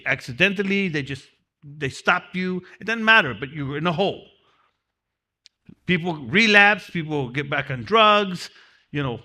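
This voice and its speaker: A man's voice: sits high, pushed and bright. A man giving a motivational seminar lecture, repeating and stressing key phrases for his class. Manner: repetitive, emphatic, drills key phrases; speaks from personal experience of prison. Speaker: mentoring class teacher.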